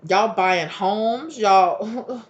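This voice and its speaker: A woman giving a casual tarot reading, chatty and emphatic, with lots of fillers and quick laughs. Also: medium pitch, lo-fi sound. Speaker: tarot reader.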